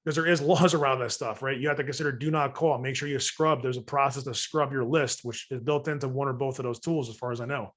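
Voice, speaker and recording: Fast-talking male real estate coach. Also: medium pitch, fairly even intonation. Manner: fast, joking, acts out sample calls. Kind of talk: webinar training talk.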